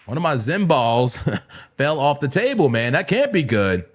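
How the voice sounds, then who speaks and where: Hoarse excitable man live-trading on stream. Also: medium pitch, unhurried. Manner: excitable, laughs often, sudden shouts. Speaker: crypto trading livestream host. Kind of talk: casual live trading commentary.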